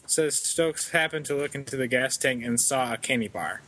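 A young man with a medium-pitched, bright and forceful voice speaks at a moderate pace, co-hosting a casual podcast. Reading weird news stories out loud, he giggles and stumbles over the wording.

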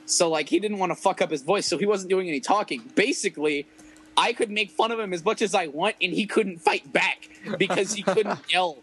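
A man's voice: sits high, brisk, a bit bright, breathy edge, poor audio. A young man telling stories in casual, profane chat, rambling and laughing often. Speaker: podcast guest musician.

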